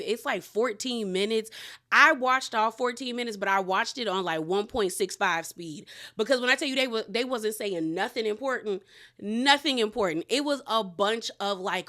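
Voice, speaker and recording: A woman's voice: mid-range voice, a bit bright. A woman recapping a reality TV episode in a sassy, slangy way, with mocking asides. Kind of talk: casual reality show recap.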